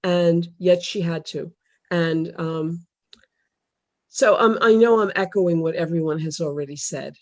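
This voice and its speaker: A religious sister on a video call, telling her experiences in an earnest, halting way with many pauses. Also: fairly low pitch, dull audio. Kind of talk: personal testimony on a video call.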